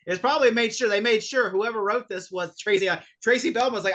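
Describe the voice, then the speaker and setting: A man's voice: high voice, fast, fairly bright tone. A man co-hosting a casual podcast, ranting heatedly and swearing a lot. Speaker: podcast co-host. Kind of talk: casual chat.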